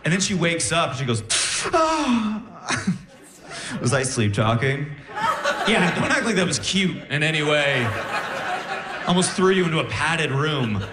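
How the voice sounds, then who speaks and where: A male stand-up comedian telling a story on a club stage and acting out his partner's sleep talk in animated bits. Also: a little high, moderate pace, a crowd in the background.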